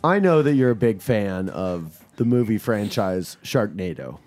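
Lively joking male podcast host. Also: measured pace. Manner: playful, jokey, pitch jumping around. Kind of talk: casual comedy banter.

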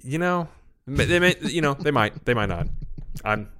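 A man in easy conversation on a podcast, his voice sitting at a middle pitch. He tells stories in a chatty, animated way. The sound is dry and close, with no room around it. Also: moderate pace, no room sound. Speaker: podcast co-host. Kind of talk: casual chat.

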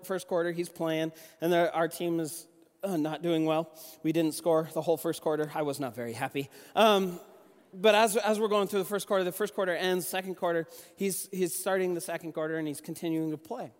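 Man preaching with animated stories, hall reverb. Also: on the high side, a little fast. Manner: conversational, animated storytelling with restarts. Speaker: youth pastor and junior high basketball coach. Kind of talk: sermon with personal stories.

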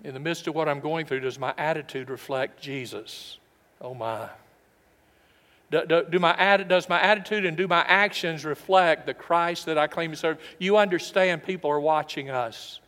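High-voiced older preacher in a reverberant hall. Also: male voice, moderate pace. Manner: emphatic preacher, dropping to hushed asides and rising for stress. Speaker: pastor. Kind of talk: sermon. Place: church sanctuary.

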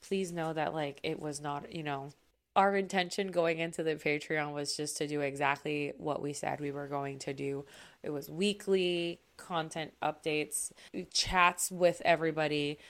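A woman's voice: deep voice, fairly even intonation, a little slow. A young woman co-hosting a podcast, talking casually and rambling a little. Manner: apologetic, rambling. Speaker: podcast co-host.

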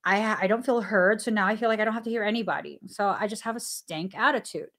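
A woman hosting a spiritual podcast, talking earnestly and candidly with thoughtful pauses. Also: medium pitch, fairly bright tone. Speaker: podcast host. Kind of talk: reflective spiritual podcast talk.

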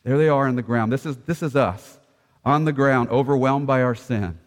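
A male pastor preaching with real fervor. His mid-pitched voice climbs and booms on key phrases, then falls to a near hush. The long reverb of a big hall trails after every line. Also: normal speed. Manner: impassioned preaching, swelling loud then dropping soft. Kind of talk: sermon.

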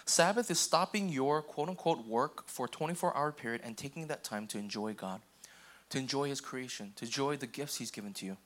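A young man preaching a sermon in an easygoing, conversational way, often checking in with the congregation and acting out quick voices. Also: medium pitch, fairly bright tone. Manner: casual, repeats okay and restarts, acts out quoted voices. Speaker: pastor.

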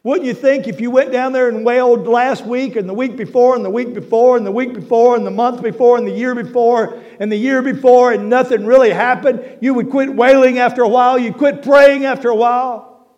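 A middle-aged male pastor preaching a sermon in a folksy storytelling way, building to emphatic shouts. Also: very high voice, fairly even intonation, fairly quick, muffled recording.

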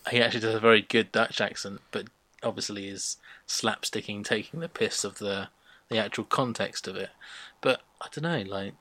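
A man's voice: fairly low pitch, moderate pace, sharp tone, no room sound. A man co-hosting a podcast, chatting bluntly and opinionatedly about a sitcom. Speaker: podcast co-host reviewing a sitcom. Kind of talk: casual chat.

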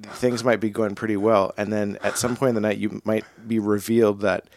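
Man, from new england, studio guest, halting speech, dry close sound. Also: on the low side, level tone, darkish tone, no echo. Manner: halting, restarts often. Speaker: guest musician. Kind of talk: casual chat. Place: recording studio.

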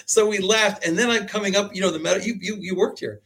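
A man's voice: high-pitched, brisk, fairly bright tone, husky. A man talking as a guest professor on an interview show, telling stories animatedly and laughing often. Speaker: guest, medical school professor. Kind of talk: storytelling interview talk.

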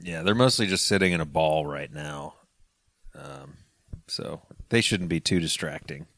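A man's voice: extremely low pitch, a little slow, a bit bright. A man chatting casually on a podcast, telling rambling, self-deprecating stories. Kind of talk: casual chat.

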